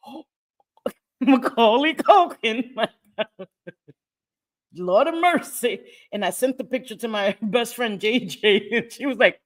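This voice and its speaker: A woman chatting casually on a livestream, reading and answering viewers' comments, talkative and quick to laugh. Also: fairly high pitch. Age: older. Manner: chatty, laughs often, animated.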